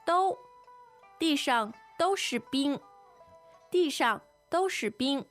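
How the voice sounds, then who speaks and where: Woman modeling Chinese phrases, lively pitch. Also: faint music behind. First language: Mandarin. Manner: models Chinese phrases slowly and repeats them. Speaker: Mandarin teacher co-host. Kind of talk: language lesson dialogue.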